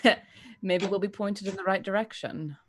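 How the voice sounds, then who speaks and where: A woman's voice: mid-range voice, normal speed, over a noisy crowd. A woman playing in a tabletop game, thinking aloud with stammered restarts. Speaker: player. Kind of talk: tabletop role-play chat.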